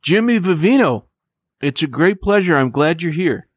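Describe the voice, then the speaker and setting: A man's voice: a little high, lively intonation, moderate pace, no room sound, clean studio sound. A male podcast host giving polished, formal introductions to his guest. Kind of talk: podcast hosting.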